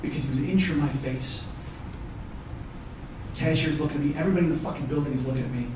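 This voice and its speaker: A man's voice: on the high side, fast, noisy background. A male comedian performing a one-man storytelling show, talking in a conversational, profane way and bantering with the audience. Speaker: stand-up comedian. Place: theatre stage with live audience. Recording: echoey theatre from far off.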